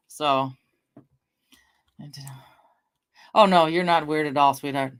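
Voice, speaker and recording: A woman's voice: low-pitched, fairly even intonation, a little slow, long pauses. A middle-aged woman from the American Northwest, chatting casually on a livestream. She rambles through anecdotes, swears casually and answers her chat.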